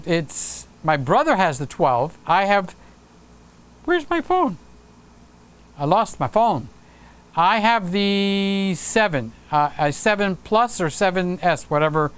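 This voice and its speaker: A man's voice: high voice, expressive, unhurried, smooth. Upbeat chatty man hosting a livestream. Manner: upbeat and chatty, with frequent fillers. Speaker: livestream host. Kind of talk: casual livestream chat reading viewer comments.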